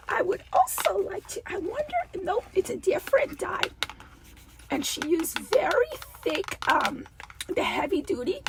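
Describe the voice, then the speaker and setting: A hoarse woman with a raspy, double-toned voice hosts a casual craft unboxing vlog. Her pitch sits very high and swings up and down a lot, and she talks slowly, gushing with breathy half-whispered asides. The mic picks her up from a bit of a distance. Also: big pitch swings, noisy background. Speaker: craft channel host.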